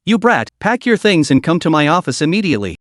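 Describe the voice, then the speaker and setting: A male narrator voicing a gruff, scolding old male director who talks in a stern, blustering way. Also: a little high, sing-song, fast talker, no echo, clean studio sound.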